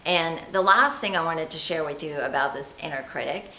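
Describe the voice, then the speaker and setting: A woman's voice: low-pitched, normal speed, pushed and bright, roomy sound, a little hiss or hum, poor audio. A woman coaching on confidence, talking chattily and animatedly straight to the viewer. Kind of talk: motivational vlog talk.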